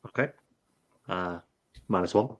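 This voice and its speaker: A man's voice: deep voice, a little slow, dull audio. A man playing a tabletop game, methodically talking through his actions and dice rolls. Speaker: player.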